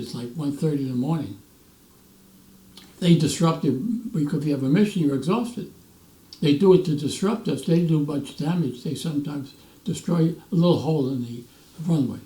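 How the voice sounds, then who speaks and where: A man in his nineties, a veteran, telling animated stories in an interview and acting out the voices of others. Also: fairly high pitch, normal speed. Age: 90s. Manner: animated storyteller, acts out quoted voices, restarts often. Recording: roomy echo, mic at a distance.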